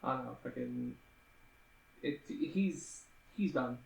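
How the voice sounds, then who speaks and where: A man co-hosting a podcast, recapping a film in relaxed chat and agreeing easily. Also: mid-range voice, slow pace, creaky. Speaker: podcast co-host. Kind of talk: casual movie-recap chat. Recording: echoey room.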